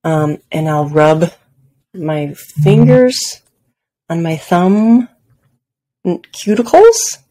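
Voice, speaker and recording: A woman's voice: fairly low pitch, animated, extremely slow, pauses often, mellow. A woman hosting her own podcast, talking casually and self-deprecatingly about her daily habits, often laughing at herself. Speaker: podcast host. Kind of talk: casual solo podcast talk.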